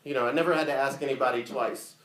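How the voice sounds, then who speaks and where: A man giving a casual, profane, animated eulogy full of stories at a memorial. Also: medium pitch, quick pace. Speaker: eulogy speaker. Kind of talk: funeral eulogy storytelling. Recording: echoey room.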